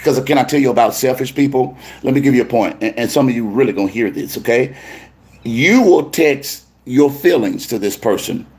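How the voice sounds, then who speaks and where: A man preaching to a congregation, animated and calling out to his listeners. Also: mid-range voice, brisk. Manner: animated, call-and-response preaching. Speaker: pastor.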